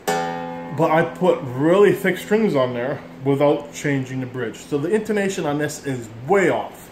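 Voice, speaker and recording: A middle-aged instrument teacher gives a casual music lesson in an echoey room while an instrument plays. His voice is fairly high and animated, with a measured pace. He explains things bluntly and rambles, then calls himself an ass for doing so.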